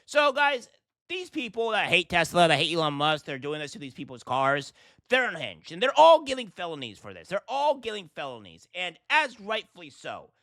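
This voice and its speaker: A man's voice: high-pitched, wildly swooping pitch, normal speed, a bit bright, no room sound, clean studio sound. A man hosting a reaction commentary vlog, talking in an indignant, ranting way with rhetorical questions. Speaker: political commentary host.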